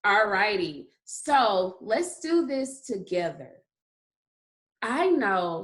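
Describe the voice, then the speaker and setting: A woman teaching a phonics lesson to young children, speaking in a slow, encouraging way and stretching out the sounds of words. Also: a little high, animated, fairly bright tone. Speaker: kindergarten teacher.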